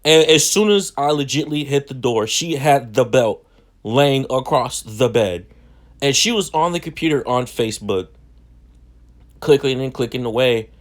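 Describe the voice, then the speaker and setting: A man's voice: mid-range voice, unhurried. A young man casually telling a story from his childhood in slangy, self-mocking talk. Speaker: vlogger.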